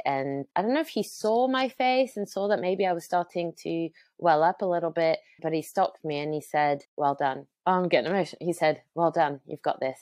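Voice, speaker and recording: A woman's voice: deep voice, darkish tone, dry recording. A woman hosting a podcast, chatting casually with her sister and laughing often. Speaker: podcast host. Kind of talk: casual chat.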